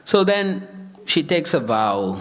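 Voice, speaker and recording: A male preacher telling a story in a sermon, lively and chuckling often. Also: on the high side, slow. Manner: chuckles often, lively, peppered with "you know".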